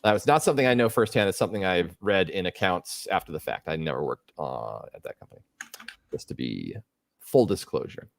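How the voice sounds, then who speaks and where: A man's voice: sits low, animated, brisk, vocal fry. A middle-aged man hosting a casual live stream, thinking aloud as he works, rambling with fillers. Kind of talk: casual livestream chat while working.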